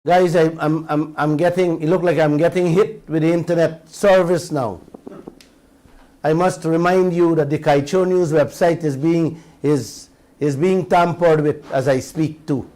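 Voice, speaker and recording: A middle-aged Guyanese man on a radio talk show, who speaks slowly and deliberately in a somewhat high voice. He preaches to his listeners with one rhetorical question after another. He slides between standard English and local creole. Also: steady tone, dark tone. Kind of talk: impassioned radio commentary.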